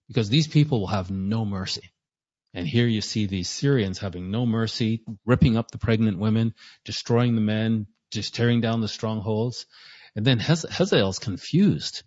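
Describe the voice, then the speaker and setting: A man's voice: lowish voice, moderate pace, a little mellow. A man teaching a sermon, reading scripture and retelling it in everyday words with conversational asides. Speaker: preacher. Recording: dull lo-fi sound.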